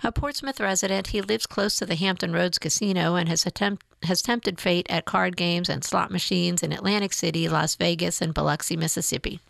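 A woman reading a news feature aloud in a measured, even way. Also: on the low side, creaky, dry recording. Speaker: narrator.

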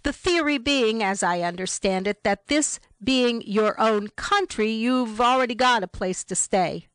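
A woman's voice: a little high, a bit bright, clean tone, no room sound. Woman doing a wry young English clerk. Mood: dry, amused. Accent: English, as put on. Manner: dry, drawn-out explanations.

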